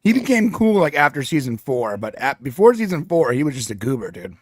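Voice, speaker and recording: A man's voice: medium pitch, big pitch swings, a little fast, no room sound, studio quality. A man hosting a live watch-along stream, chatting casually and laughing often. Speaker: stream host.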